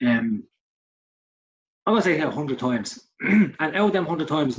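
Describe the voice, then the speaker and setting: On a casual podcast he co-hosts, a man in his forties speaks at normal speed in a mid-range voice. He's heated and swears freely, mimicking people in mocking put-on voices, all captured in dull, lo-fi audio.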